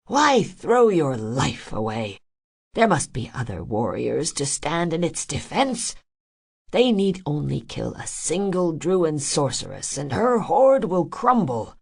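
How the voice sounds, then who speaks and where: Storybook elder, old male nonhuman, bitter and snarling, put on by a woman narrator, low and slow. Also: vocal fry, a little mellow, breathy edge, full character voice. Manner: snarling, scornful. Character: ancient bent male Druin elder, bitter.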